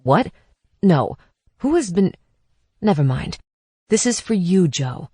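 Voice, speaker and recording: Frank pushy middle-aged lady, woman narrator doing her, lowish voice, dry sound. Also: very animated, takes it slowly, warm tone, slightly rough, no echo, exaggerated voice.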